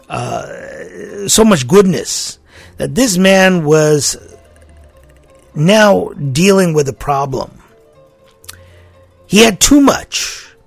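A man preaching a sermon, emphatic and deliberate, repeating his key phrases for weight. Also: on the high side, creaky, breathy edge, dry recording.

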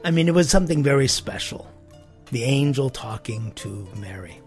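A man preaching a sermon in a lively, conversational way, with asides and quick questions to his listeners. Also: medium pitch, soft background music.

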